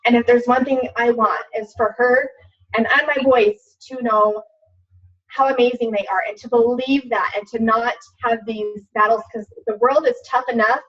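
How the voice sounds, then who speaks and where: Woman, 30s, coach; rambling casual talk, slightly high voice, recorded far from the mic. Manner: chatty, many fillers and restarts. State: tearful at times. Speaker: fitness coach. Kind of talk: casual testimonial chat. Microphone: webinar recording. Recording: distant, dull lo-fi webinar audio.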